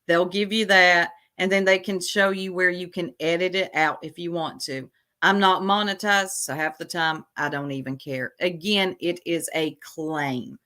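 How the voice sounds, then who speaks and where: Sassy lady livestreamer, slow unhurried talk, bright edgy voice. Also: fairly low pitch, steady tone. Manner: sassy, teasing viewers. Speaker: livestream host. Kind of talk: casual livestream commentary.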